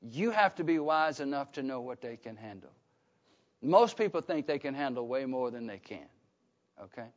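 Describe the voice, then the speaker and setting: A man preaches a sermon conversationally, putting call-and-response questions to his congregation and often restarting his sentences. His medium-pitched voice swings widely in pitch at a normal speed, captured in a dull lo-fi recording.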